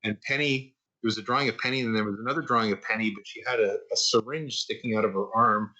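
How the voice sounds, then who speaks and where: In a podcast interview, a guest animation artist in his sixties casually shares stories from his career, relaxed and anecdotal, with lots of "uh" and repeated words. His voice sits fairly low and moves fast, and the high frequencies are cut off.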